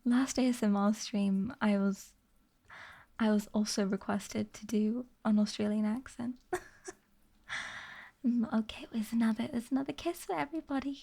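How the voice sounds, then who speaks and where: A woman streamer chatting in a soft, half-whispered ASMR voice, giggling often and sounding sleepy. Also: a little high, unhurried, creaky, pauses often, husky. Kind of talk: soft-spoken ASMR chat. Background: rain ambience.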